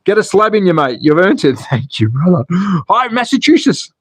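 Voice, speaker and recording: Over a noisy background, an Australian man with a slightly high, sing-song voice talks fairly quickly as he calls slot car races on a livestream and banters casually with viewers.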